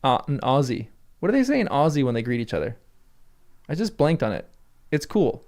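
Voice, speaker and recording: A man's voice: mid-range voice, big pitch swings, brisk, darkish tone. A man hosting a livestream, chatting casually and answering viewers' comments, laughing often. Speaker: livestream host.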